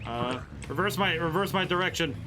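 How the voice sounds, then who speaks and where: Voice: mid-range voice, animated, a little fast, background noise. A game streamer from the northern United States giving casual, bemused let's-play commentary, giggling and talking back to the characters. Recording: game music playing clearly underneath.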